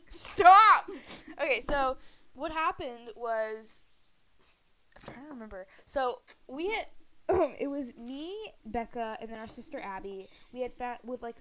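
A woman from Pennsylvania co-hosting a podcast, telling a childhood story in a chatty way, laughing and restarting her sentences. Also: a little high. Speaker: podcast co-host. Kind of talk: casual storytelling chat.

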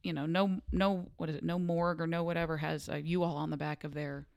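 A woman's voice: low voice, fast talker, vocal fry. A woman co-hosting a casual chat, telling a story and acting out the lines of the people in it. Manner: animated storyteller acting out quotes.

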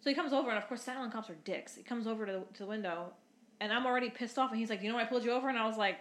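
On a casual podcast, a female co-host races through stories, acting out other people's lines and cursing without restraint. Her voice is on the high side and a bit bright, echoing in the room around her.

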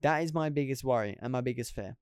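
A man's voice: medium pitch, quick pace, a little mellow, clean tone, dry recording, clean studio sound. A young man hosting a casual solo podcast, rambling and poking fun at himself. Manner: rambling, self-deprecating, laughs at himself. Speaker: podcast host.

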